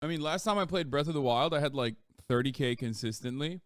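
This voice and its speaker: A man streaming live and chatting casually, rambling and swearing, his pitch leaping up when he gets worked up. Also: quick pace, no room sound, studio quality. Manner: profane, rambling, with sudden loud jumps in pitch.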